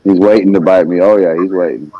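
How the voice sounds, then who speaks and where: A man's voice: low-pitched, fast, dry recording, dull audio. A man on a stream call, cracking crude jokes and teasing the others. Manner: teasing, crude banter, laughs often. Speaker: stream guest. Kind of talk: casual group chat.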